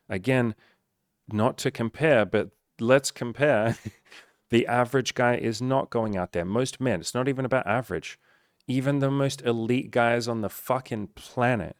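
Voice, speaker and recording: A man's voice: medium pitch, no echo, clean studio sound. Blunt, profane male dating coach. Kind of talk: motivational monologue.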